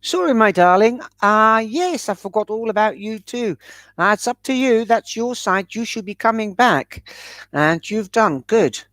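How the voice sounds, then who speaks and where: Woman, tarot reader on a live stream, chatty, affectionate pet names, slow, dry close sound. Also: mid-range voice, dry recording. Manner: chatty, showers viewers with endearments.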